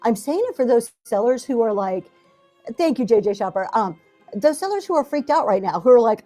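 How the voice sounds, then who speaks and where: A woman's voice: a little high, sing-song, a little fast, warm tone, soft background music. A middle-aged woman hosting a casual livestream from her basement, rambling and encouraging, with lots of fillers and restarts. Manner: rambling, self-deprecating, encouraging, many fillers. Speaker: livestream seller and talk show host. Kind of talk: casual livestream chat to viewers. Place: home basement. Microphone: camera in front of her.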